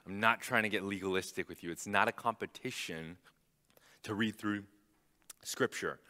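Young male preacher, bright forceful voice, earnest and emphatic, long hall reverb. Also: fairly low pitch, moderate pace. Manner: earnest, emphatic, repeating key phrases. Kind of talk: sermon.

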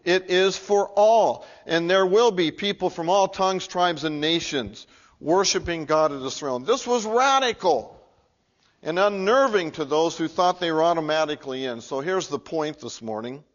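A man preaching a sermon, muffled and lo-fi. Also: normal speed. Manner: earnest, building to emphatic peaks then dropping low and quiet. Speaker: pastor. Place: church sanctuary. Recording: muffled, lo-fi recording.

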